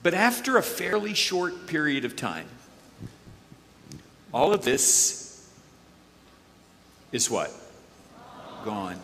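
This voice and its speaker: A man preaching a lively sermon, joking with the crowd and calling on volunteers. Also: mid-range voice, slight background noise. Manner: animated, joking, calls on volunteers. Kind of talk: lively sermon with audience participation. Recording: echoey hall.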